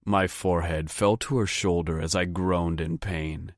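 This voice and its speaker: A man's voice: steady tone, measured pace, hardly any pauses, no room sound, clean studio sound. A man narrating a romance audiobook in the first person, intimate and profane. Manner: low, intimate, frequent swearing.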